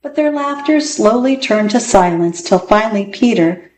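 A woman reading children's picture books aloud as a storyteller, gently and clearly, giving the characters' lines a little voice. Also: medium pitch, animated, normal speed. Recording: roomy echo, faint room noise.

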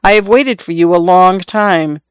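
A storybook narrator voicing a small, coy little girl who speaks slowly and thoughtfully. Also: mid-range voice, clear, resonant tone, no echo, clean studio sound, natural voice. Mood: calm.

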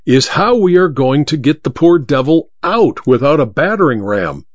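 A man's voice: fairly high pitch, very animated, moderate pace, dry recording, dull audio. A man doing a blustering jovial rich magnate. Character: boisterous wealthy male mining magnate, jovial and loud.

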